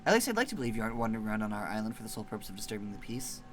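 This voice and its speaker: A streamer voicing a calm, laid-back female monster from a bone island, with a low, deadpan manner. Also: racing, soft background music, natural voice. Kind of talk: game dialogue voiced by streamer.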